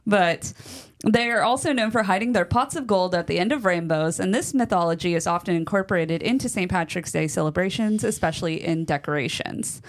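A woman's voice: on the low side, fairly quick. A woman co-hosting a casual chat, reading facts and telling stories, laughing often. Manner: laughs often, relaxed with fillers. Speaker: podcast co-host.

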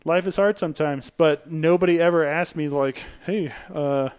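A man's voice: on the high side, fairly even intonation, normal speed, a little mellow, smooth. A man in his thirties, a podcast guest, talking bluntly in casual chat, swearing freely and acting out little bits of dialogue. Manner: blunt and profane, acts out quoted dialogue.

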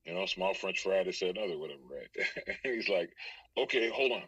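A man from Texas, a voice actor guest, telling a story in a casual, animated way, with laughter and many restarts. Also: sits low, a little fast, breathy edge, dry recording, distant mic, muffled recording.

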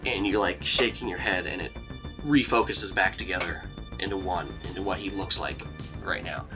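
A man's voice: deep voice, moderate pace, over music. A man running a tabletop game as game master, narrating in a casual, rambling way with lots of fillers. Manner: casual, rambling, laughs often.

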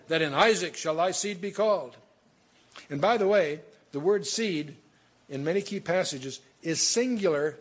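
A man with a high-pitched voice leads a verse-by-verse Bible study. He reads scripture aloud, then stops to explain it, wandering into asides and restarting his sentences.

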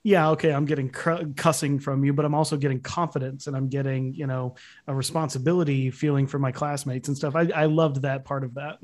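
A man's voice: medium pitch, flat delivery, fairly quick, darkish tone. A man co-hosting a podcast in casual chat, enthusiastic and laughing often. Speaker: podcast co-host.

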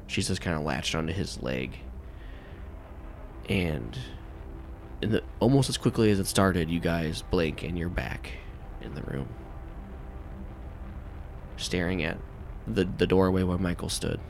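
A man's voice: deep voice, measured pace, vocal fry, pauses often, a little hiss or hum. A man narrating a tabletop game as game master, rambling and filling with "like" and "um.". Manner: rambling, full of "like" and "um".

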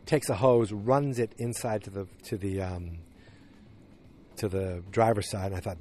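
A man with a fairly low voice talks through an episode recap like casual chat. He wanders, restarts his sentences and fills the gaps with ums. It sounds like a relaxed solo podcast host. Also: normal speed, slight background noise. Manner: meandering retelling with frequent restarts and fillers.

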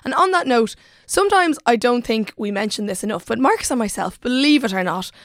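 A woman co-hosting a casual podcast, bubbly and quick to laugh. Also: on the high side, lively intonation, no echo, studio quality. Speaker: podcast co-host.

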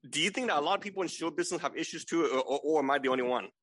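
A man's voice: a little high, expressive, racing, fairly bright tone, slight background noise, poor audio. A man in his forties, a podcast guest, who stammers, repeats his words and keeps asking "right?" for agreement. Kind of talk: casual remote chat.

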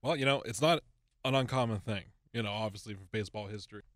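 A man co-hosting a podcast, chiming in with a relaxed, offhand remark. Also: on the low side, fast talker, no room sound, clean studio sound. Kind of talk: casual podcast chat.

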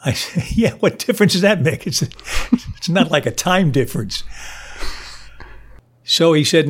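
An older man, a podcast guest, telling a story with lively delivery and frequent laughter. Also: on the high side, measured pace, long pauses, breathy edge. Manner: animated, laughs through his stories. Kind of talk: storytelling anecdote.

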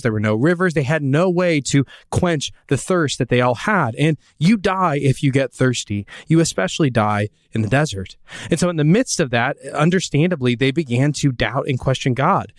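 A man's voice: a little high, dry recording, clean studio sound. Earnest man teaching from the Bible. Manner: earnest storyteller, voices people's questions.

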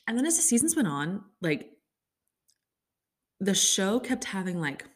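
A woman's voice: medium pitch, very animated, unhurried. A woman in her thirties hosting a casual talk show, ranting sarcastically and filling her talk with "like". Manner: chatty, sarcastic ranting with many likes. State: upset stomach. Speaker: podcast host. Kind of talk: casual chat.

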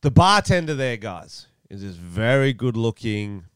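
A man's voice: medium pitch, sing-song, measured pace, a bit bright, clean tone, no echo, studio quality. A young Australian man, a comedian co-hosting a podcast, chatting in a joking, rambling way. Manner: joking, rambling, does voices. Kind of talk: casual chat.

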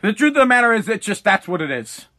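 A man with a very high, bright voice delivers a profane, fired-up rant from his home at night. He mocks the people he is complaining about and keeps pushing, full of heat. His tone stays sharp and cutting. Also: sing-song, quick pace. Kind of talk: ranting monologue.

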